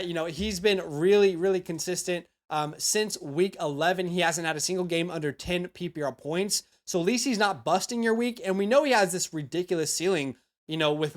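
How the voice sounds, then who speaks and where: A man's voice: a little high, brisk. A man hosting a fantasy football show, talking through picks in a loose, chatty way with lots of asides to the viewer. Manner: chatty, frequent "you know" and "all right?" asides. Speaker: fantasy football analyst host. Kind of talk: casual scripted-free sports analysis.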